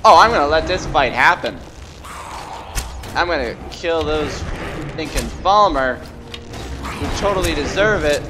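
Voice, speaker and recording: A young man giving goofy, casual commentary over his gameplay, jumping between loud outbursts and mumbling, and singing to himself. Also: a little high, lively intonation, unhurried, long pauses, noisy background. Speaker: let's play gamer. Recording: game music loud behind voice. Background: game music and sound effects.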